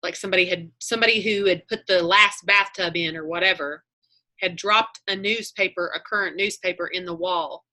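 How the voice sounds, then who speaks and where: A woman's voice: lowish voice, a little fast, pushed and bright. A woman leading an online group on a video call, chatting in a meandering way and often correcting herself mid-sentence. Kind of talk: casual chat on a video call.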